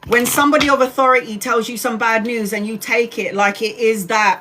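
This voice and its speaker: A woman's voice: on the high side, steady tone, fairly quick, noisy background. A woman in her forties giving live tarot readings, soothing and direct, calling listeners sweetheart and honey. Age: 40s. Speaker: tarot reader.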